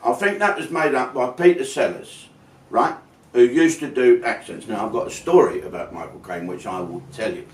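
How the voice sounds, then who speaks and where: A man's voice: medium pitch, expressive, moderate pace, recorded from a distance. An older man spins rambling, profanity-laced comic anecdotes. His voice swings widely up and down. It sits back from the mic in a roomy, echoing space. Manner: swearing, rambling, slips into put-on voices. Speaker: comedian telling stories. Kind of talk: casual anecdotal storytelling.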